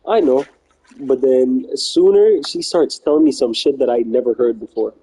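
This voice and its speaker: A man's voice: medium pitch, lively intonation, moderate pace, warm tone, slightly rough, low-quality recording. A man streaming live who tells a long personal story in a rambling, slangy way, quoting what others said and repeating himself.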